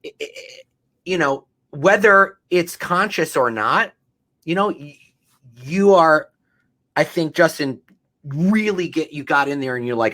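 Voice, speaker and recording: A man's voice: a little high, animated, unhurried, pushed and bright. Rambling male podcast host. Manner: rambling, filler-heavy. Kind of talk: casual podcast chat.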